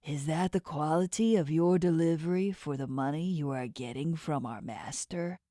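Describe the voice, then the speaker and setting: A woman's voice: deep voice, moderate pace, warm tone, dry recording, clean studio sound, natural voice. A woman voicing a menacing inhuman male boss with shark teeth, talking down coldly and threateningly in an audiobook. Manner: cold, threatening, condescending. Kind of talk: audiobook character voice.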